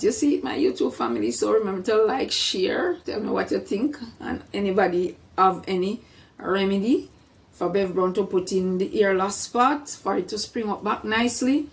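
A woman's voice: medium pitch, recorded from a distance. A middle-aged woman telling her personal story in a casual vlog, earnest and full of faith, often repeating her words. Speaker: vlogger.

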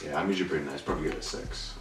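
Young guy, really deep voice, hyped and cussing a lot, mic far off in a roomy space. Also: racing. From Canada. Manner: excitable, swears a lot, voice jumps up when worked up. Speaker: co-host reacting to a trailer. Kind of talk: casual chat. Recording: echoey room, distant mic, faint music.

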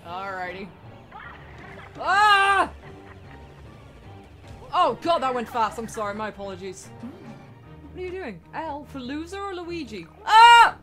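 A woman giving casual, excitable commentary while playing a video game, swearing and shrieking at what happens on screen. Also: fairly high pitch, moderate pace. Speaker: let's play gamer. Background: game music.

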